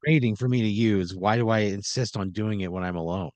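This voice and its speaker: Brief: male co-host, lower voice, wry and incredulous, dry sound. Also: a little mellow, no echo. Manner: incredulous quick reactions. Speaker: podcast co-host. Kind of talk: improvised comedy podcast.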